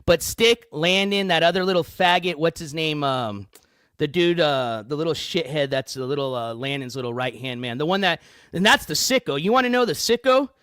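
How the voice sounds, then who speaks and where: A man's voice: fairly high pitch, lively intonation, normal speed, a bit bright, clean tone, no room sound, studio quality. A man hosting a livestream news show, ranting in an angry, profane, combative way.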